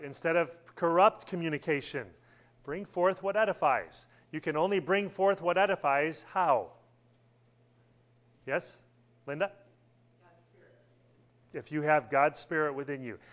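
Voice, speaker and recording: A man's voice: a little high, unhurried, long pauses, a bit bright. A middle-aged man teaching a church Bible study in a conversational way, asking his class questions and using many fillers.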